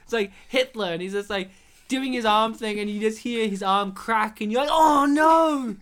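A woman's voice: mid-range voice, fairly even intonation, normal speed, a bit bright, clear, resonant tone. A woman co-hosting a casual movie commentary chat, playful and joking, laughing often. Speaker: podcast co-host.

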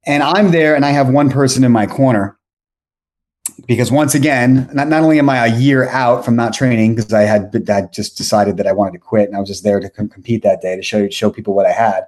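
A man's voice: mid-range voice, a little fast, darkish tone. A man in his forties from South Florida, a podcast guest telling a long story casually, rambling and correcting himself as he goes.

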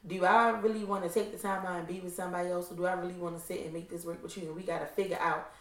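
A woman chatting casually on a talk show, telling stories in an animated way and laughing often. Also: fairly low pitch, racing, recorded from a distance. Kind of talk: casual chat. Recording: echoey room, voice set back from the mic.

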